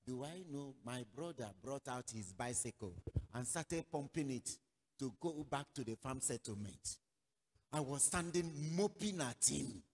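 A man from Nigeria preaches, acting out both sides of a story with bursts of shouting. His husky voice leaps up and down in pitch. The sound carries a long, ringing hall reverb. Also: a little slow. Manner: animated storytelling, acting out dialogue, sudden loud outbursts. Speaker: pastor. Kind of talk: sermon.

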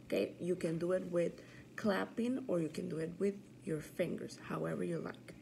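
A woman teaching young children to count syllables. She says each word slowly, then repeats it. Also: lowish voice, steady tone, creaky, warm tone, a little hiss or hum. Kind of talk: slow, clear classroom lesson for young children.

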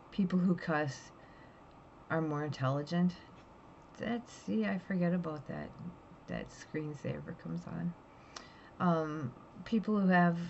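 Middle-aged woman vlogger, lowish voice, outspoken and rambling, dull home mic. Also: gravelly, darkish tone, a little hiss or hum. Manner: chatty, blunt, rambling with restarts. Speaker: pet vlogger. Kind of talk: casual storytelling vlog.

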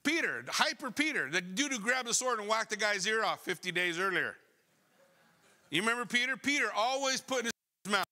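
A middle-aged male pastor preaching a sermon in a conversational, animated way, full of rhetorical questions. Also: sits high, fairly quick. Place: church sanctuary. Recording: long church hall reverb.

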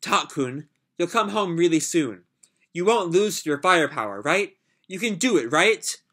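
Man voicing a doting, pushy mother, coaxing and pleading, lively up-and-down pitch, comic read-aloud. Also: a little slow, heavily acted.

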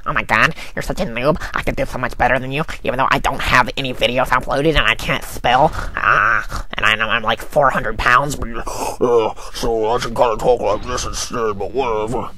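A man's voice: medium pitch, fairly even intonation, normal speed, long pauses, sharp tone, pitched below the performer's own voice, lightly acted, rough recording. A man doing a whiny nerdy troll voice. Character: whiny nasal male nerd commenter.

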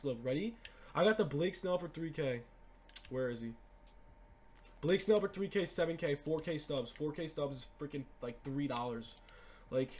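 A young man giving excited, slangy gameplay commentary as a gaming YouTuber, repeating himself often. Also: a little high, slight background noise. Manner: hyped, repetitive, slangy.

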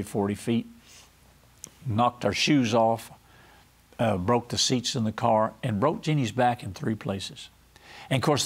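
A man's voice: mid-range voice, breathy edge. A man delivers a televised sermon. He talks in a folksy, storytelling way and acts out the voices of the people he quotes. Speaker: pastor and TV host.

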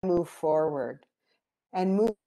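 Slow, gentle woman presenting. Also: low-pitched. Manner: calm, gentle storytelling. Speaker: grief educator. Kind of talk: educational presentation.

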